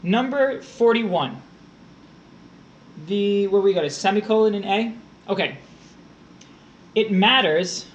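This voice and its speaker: A man's voice: high voice, takes it slowly, long pauses, muffled recording, a little hiss or hum. A man tutoring test prep on a live stream, explaining grammar step by step while answering his chat.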